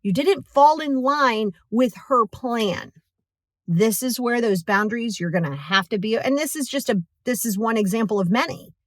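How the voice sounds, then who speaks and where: A woman with a fairly high voice hosts a motivational podcast in a relaxed, chatty way. She keeps checking in with "right?" and acts out other people's voices. The sound is dry and close to the mic. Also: normal speed, no room sound. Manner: animated, acts out quoted voices; casual, filler-heavy, checks in with "right?". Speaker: podcast host.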